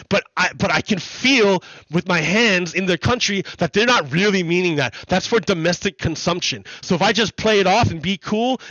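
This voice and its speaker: High, bright-voiced ranting streamer man. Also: no room sound, dull audio. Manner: profane, heated, repetitive ranting. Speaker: livestream host. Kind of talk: ranting commentary during a gaming stream. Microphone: streaming desk mic.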